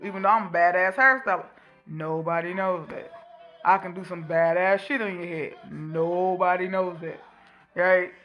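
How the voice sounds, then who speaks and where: A woman's voice: fairly low pitch, bright, forceful tone. A woman from Texas in her thirties, venting in a blunt, profane, emphatic unscripted rant. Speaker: vlogger venting on camera.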